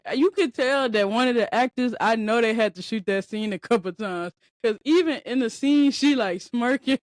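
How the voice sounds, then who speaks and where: A woman's voice: on the high side, moderate pace, no room sound, studio quality. A woman hosting a podcast, telling a story in a rambling, conversational way and talking straight to her listeners. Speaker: podcast host. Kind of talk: casual storytelling chat.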